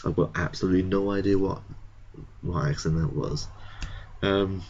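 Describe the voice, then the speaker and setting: A man giving casual gameplay commentary in a vague put-on accent that drifts between German and Irish, dry and muttering with sudden high-pitched outbursts. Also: steady tone, moderate pace, long pauses, darkish tone, slightly rough, muffled recording. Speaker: let's play gamer.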